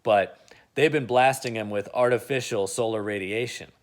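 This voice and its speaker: Low-voiced guy chatting through a made-up movie plot, lots of uh and like. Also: moderate pace. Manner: chatty, with frequent "uh" and "like". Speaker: video creator. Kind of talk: casual retelling of an imagined film plot.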